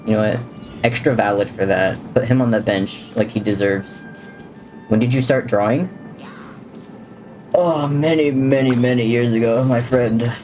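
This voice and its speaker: A man's voice: medium pitch, fairly even intonation, moderate pace, pauses often. Chatty male streamer with faint game music. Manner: chatty, jokey, drifts between talking to chat and to the game. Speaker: livestreamer. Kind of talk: casual gameplay commentary, reading chat.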